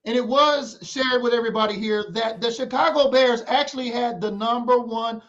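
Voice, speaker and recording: High-voiced hyped sports podcaster man. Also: fairly even intonation, moderate pace, a bit bright. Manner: hyped, playful trash talk. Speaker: podcast co-host. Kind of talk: casual sports talk. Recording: dull lo-fi audio.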